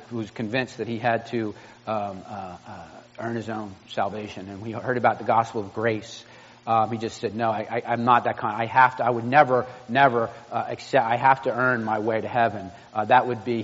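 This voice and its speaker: A low-pitched man preaching in a church, earnest but halting, stopping and restarting often. His voice rings out with long reverb in a big hall. The recording sounds dull and lo-fi. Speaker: pastor. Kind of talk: sermon. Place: church sanctuary.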